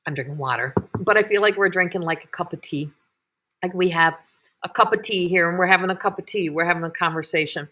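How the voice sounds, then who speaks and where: A woman's voice: lowish voice, fast talker, pushed and bright, a little hiss or hum. Rambling woman giving readings. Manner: rambling and repetitive, many fillers and restarts. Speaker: intuitive reader hosting live readings. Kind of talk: live-streamed psychic reading.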